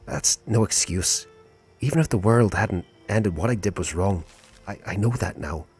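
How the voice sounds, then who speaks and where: A man in a put-on Scottish accent playing a paralyzed, guilt-stricken man reading his final letter aloud, slow and sorrowful. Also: lowish voice, slightly rough. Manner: slow, sorrowful, fading to quiet.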